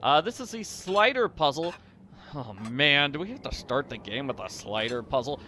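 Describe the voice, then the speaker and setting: A man's voice: a little high, lively intonation, moderate pace, pushed and bright, a little hiss or hum. A man giving goofy, rambling, self-deprecating commentary as he plays a mystery game. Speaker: let's-play host. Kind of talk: casual gameplay commentary.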